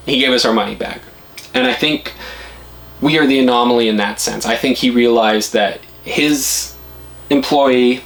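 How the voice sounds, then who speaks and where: Give me a blunt, animated middle-aged man giving casual advice to his viewers. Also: rough recording. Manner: blunt and animated, pitch jumps when worked up. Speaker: vlogger.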